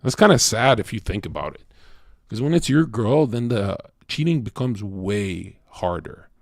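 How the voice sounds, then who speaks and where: A man's voice: on the low side, big pitch swings, moderate pace, dry recording, studio quality. A man livestreaming, telling a crude, profane confessional story with stammered restarts. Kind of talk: casual unscripted stream monologue.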